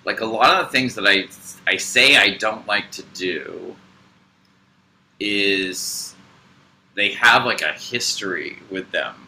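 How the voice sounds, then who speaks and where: A man's voice: lowish voice, slow pace, long pauses, bright, forceful tone, low-quality recording. A man co-hosting a spiritual podcast, talking in a rambling, hesitant way with many fillers and restarts. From United States. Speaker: podcast co-host. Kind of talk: casual spiritual podcast chat.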